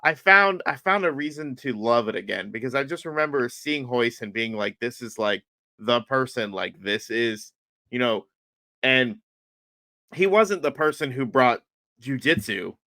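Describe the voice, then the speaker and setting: A man with a bright, forceful voice tells stories on a podcast and acts out every quoted line. The sound is close and dry, with no room around it. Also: medium pitch, a little slow, no room sound. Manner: animated storyteller, acts out quotes. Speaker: podcast host. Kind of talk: casual chat.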